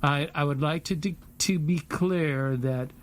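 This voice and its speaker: Halting middle-aged radio host. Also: male voice, on the high side. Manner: halting, repeats words while thinking. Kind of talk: talk radio hosting.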